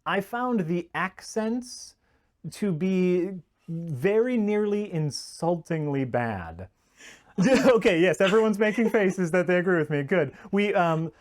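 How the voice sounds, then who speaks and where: A man co-hosting a film podcast, talking in a measured, hesitant way with frequent pauses, dryly critical. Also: high voice, animated. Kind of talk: casual podcast chat.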